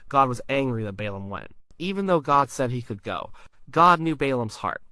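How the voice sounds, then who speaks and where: A man's voice: medium pitch, lively intonation, moderate pace, sharp tone, no room sound. A man narrating a Bible story in short, simple sentences with emphatic repetition.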